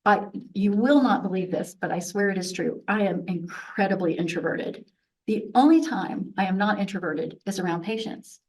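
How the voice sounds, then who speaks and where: A woman's voice: mid-range voice, normal speed, far from the mic, low-quality recording. A woman of about sixty, a physician, gives a candid, chatty conference talk full of restarts and self-deprecating asides. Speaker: physician presenter.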